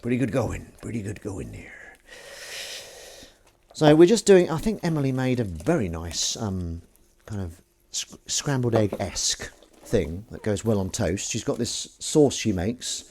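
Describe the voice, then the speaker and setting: Young male stream host, casual chat, animated delivery. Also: on the low side, measured pace, a little hiss or hum. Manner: chatty, self-mocking, reads chat aloud. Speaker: livestream host. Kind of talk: casual chat while washing up.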